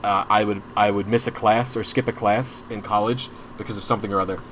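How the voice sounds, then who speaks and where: Recounting a lengthy personal story on stream, this young man sounds anxious and frustrated, constantly restarting and wandering into asides. He speaks briskly with a fairly low, steady, fairly bright voice over a little hiss or hum.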